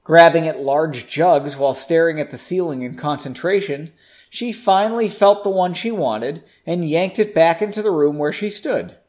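A man reads a fantasy story aloud on his podcast, stopping now and then to joke about the text. His voice is slightly high for a man and very animated, rising and falling freely. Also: moderate pace. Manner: playful, jokes and laughs at the text. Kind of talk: story reading with casual asides.

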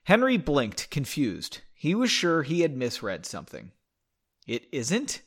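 A man's voice: fairly high pitch, huge pitch swings, normal speed, a bit bright. A man casually reading a story aloud, breaking off to joke, swear and find his place. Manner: joking asides, swearing, loses his place. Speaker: amateur reader.

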